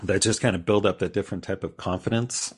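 A man's voice: sits low, steady tone, fast talker, slightly rough. A man guest on a podcast, telling his own story in a rambling, casual way with frequent restarts and small laughs.

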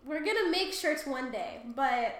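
A woman's voice: high voice, animated, measured pace, very echoey. A woman co-hosting a podcast in casual chat, loose and profane, laughing often. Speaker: podcast co-host.

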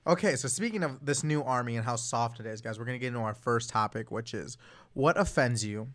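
A man's voice: mid-range voice, fairly quick. A young man hosting a casual podcast, telling a bar story with lots of laughter and swearing. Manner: animated, laughs through his stories, swears freely. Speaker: podcast host.

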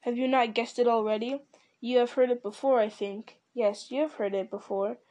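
A woman voicing a mysterious hooded old man who speaks softly and knowingly, unhurried and teasing. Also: fairly high pitch, fairly even intonation, lightly acted. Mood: calm.

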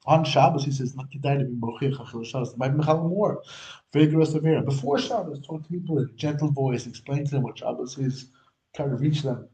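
A man teaches a religious text line by line, with a dark, mellow voice. He explains as he goes and often backs up to restart a phrase. The sound carries a noticeable room echo. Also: medium pitch, quick pace. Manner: explains and restarts, mixing Hebrew terms into English. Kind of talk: textual study lesson.

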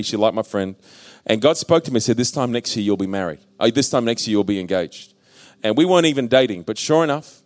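A man's voice: medium pitch, dry recording. A man preaching a sermon, telling personal stories in a casual voice and acting out his own past worries. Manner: conversational storytelling, acts out his own past panic. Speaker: pastor.

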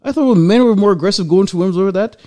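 A man in casual chat, telling a long personal story in a rambling, animated way with lots of fillers. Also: high voice, racing. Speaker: guest.

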